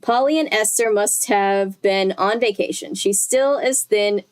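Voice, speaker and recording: Young woman, casual live read-aloud, chatty, mid-pitched, fixes her own slips as she goes. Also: a little slow, a little hiss or hum. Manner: chatty, with self-corrections and asides to chat. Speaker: streamer reading a book aloud.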